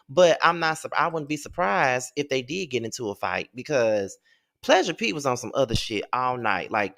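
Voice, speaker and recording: A man's voice: creaky, a bit bright. A man ranting in a profane, exasperated video review, firing off rhetorical questions. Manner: rhetorical questions, jumps high in pitch. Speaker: YouTube reviewer.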